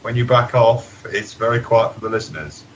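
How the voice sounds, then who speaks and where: A man on a radio show giving quick, matter-of-fact feedback over a remote line. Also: on the low side. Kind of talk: casual radio chat. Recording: dull remote line with faint background noise.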